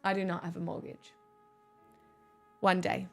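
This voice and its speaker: A woman's voice: fairly low pitch, little pitch movement, measured pace, creaky, fairly bright tone, faint music behind. A woman live streaming in casual chat, sarcastic and ranting, often breaking into laughter.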